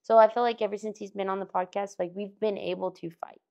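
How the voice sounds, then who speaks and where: A woman's voice: mid-range voice, fairly even intonation, quick pace, gravelly, a little mellow, muffled recording. A young woman in casual podcast chat, chatty, laughing often, trailing off and restarting. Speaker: podcast co-host, engaged to a host.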